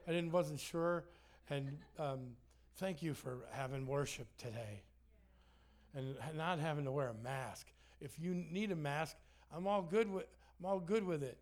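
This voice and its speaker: A man preaching a sermon in a church, joking and self-deprecating, with frequent restarts. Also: fairly high pitch. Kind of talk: sermon with humor. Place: church sanctuary.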